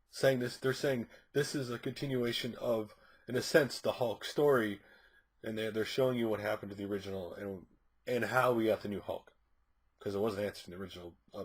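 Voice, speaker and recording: A man's voice: medium pitch, breathy edge. A man reviewing a comic book issue, recapping the plot casually in a rambling way with frequent fillers and restarts.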